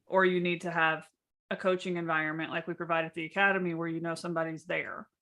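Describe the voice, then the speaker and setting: Calm, low-voiced woman coach. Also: fast. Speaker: business coach. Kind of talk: casual workshop teaching.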